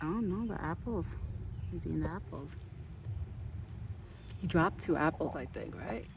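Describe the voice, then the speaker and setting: A gentle vlogger, recorded outdoors in a rural yard with crickets chirping and a faint hiss behind the voice. The delivery slides between lifted, sing-song baby talk aimed at an animal and easy, unhurried commentary for the viewer. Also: medium pitch, gravelly. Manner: relaxed, chatty asides to the viewer. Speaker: vlogger feeding a wild deer. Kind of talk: casual vlog narration mixed with talk to an animal. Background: crickets and faint outdoor ambience.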